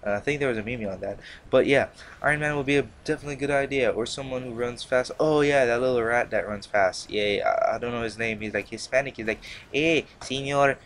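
A man's voice: medium pitch, steady tone, fast talker, a little hiss or hum. A young man hosting a gaming channel, rambling in casual, slangy commentary full of fillers and restarts. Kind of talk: casual commentary over gameplay.

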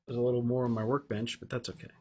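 Working at his home workbench, a man hosts a casual live stream, rambling, joking at his own expense and talking to himself as he tinkers. His medium-pitched voice barely moves in pitch and comes out very fast, darkish and slightly rough, with faint music in the background.

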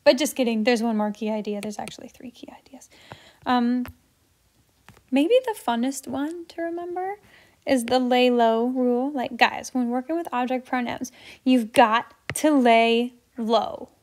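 A woman teaching a grammar lesson in an upbeat, playful way, dropping to soft asides while she writes. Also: on the high side, moderate pace. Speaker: Spanish teacher.

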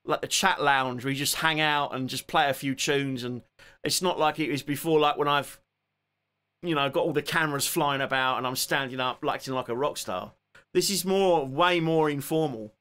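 A man in his forties with a London accent talks through a laid-back live guitar session. His voice is bright and sits a little high, and his manner is joking and self-deprecating. He chats informally with his viewers. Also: normal speed, clean tone. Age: 40s. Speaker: guitarist streamer. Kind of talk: casual live-stream chat.

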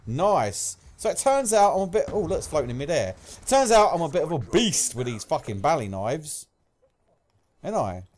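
A young man commentating live gameplay, swearing often and yelling at kills and deaths, with a slight cough. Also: fairly high pitch, normal speed. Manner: excitable, swears a lot, shouts at game events. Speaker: gaming commentator.

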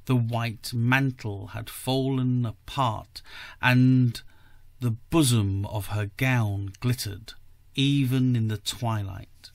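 A man, a podcast host, reading a story aloud in a measured, careful way. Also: medium pitch, steady tone, creaky, no room sound.

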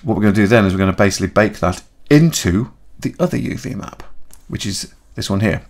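A man talking through a software tutorial in a chatty way, thinking aloud and correcting himself as he goes. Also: lowish voice, expressive, brisk. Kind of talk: screen-recorded software tutorial.

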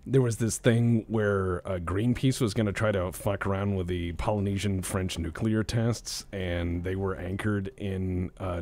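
A man's voice: low voice, darkish tone. A man hosting a casual gaming stream, rambling and joking, swearing freely and restarting his sentences. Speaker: streamer host.

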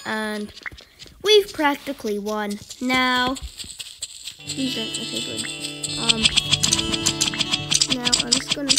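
A woman giving casual, excitable commentary while playing an online game, chatty and eager. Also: high-pitched. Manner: chatty and excitable, urging opponents on. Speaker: gaming channel host.

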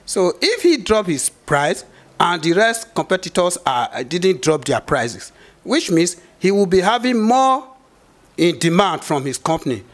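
Male guest, fairly high voice, hesitant and full of fillers. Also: big pitch swings, unhurried. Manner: hesitant, many fillers and restarts. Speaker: cement trade guest. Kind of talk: explaining in an interview.

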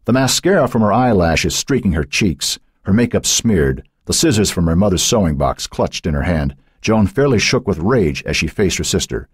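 A man narrating a dark novel in an intense, expressive audiobook reading. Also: sits low, normal speed, hardly any pauses, slightly rough, dry recording, studio quality.

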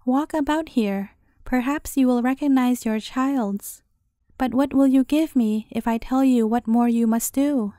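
A shrewd, greedy old crone haggles over what she is owed in a high, mellow voice, as a woman reads her lines. The storybook reading is dry and close. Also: measured pace, no room sound. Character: old crone tending Death's hothouse, greedy.

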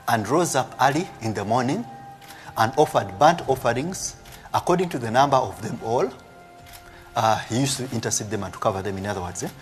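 A man preaching a live sermon as a prophet, reading scripture aloud and explaining it, often ending lines with "eh?" and laughing. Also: medium pitch. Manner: animated preaching with frequent "eh?" tags and laughs.

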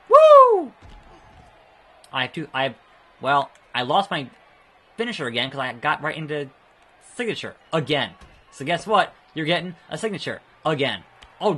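A young man giving let's-play commentary on a game, excitable and cursing freely, with sudden outbursts at the screen. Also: medium pitch, breathy edge. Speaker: gaming channel host.

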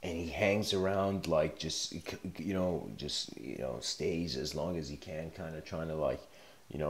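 A man's voice: very deep voice, moderate pace. A man giving a casual spoken lecture, telling a story in a rambling way, full of fillers. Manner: rambling, filler-heavy, laughs often. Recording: echoey room.

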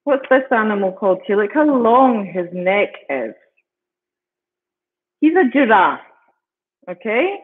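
British male storytelling teacher for kids, high voice, unhurried and patient, tinny video call sound. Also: big pitch swings. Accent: British English. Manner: patient, repeats words and keeps checking with "okay?". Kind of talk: storytelling lesson for children.

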